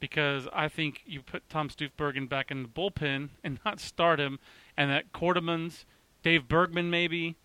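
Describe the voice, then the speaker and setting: Male host, bright and excitable, quick with restarts, dry close-mic sound. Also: on the high side, clear, resonant tone, no room sound. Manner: excitable, rapid, full of restarts. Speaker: baseball podcast host. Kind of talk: casual sports chat.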